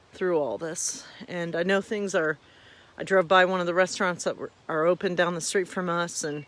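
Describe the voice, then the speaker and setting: A woman's voice: lowish voice, slight background noise. A woman pastor hosting a home stream, talking casually to viewers in a rambling, self-deprecating way, slightly out of breath. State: a little out of breath.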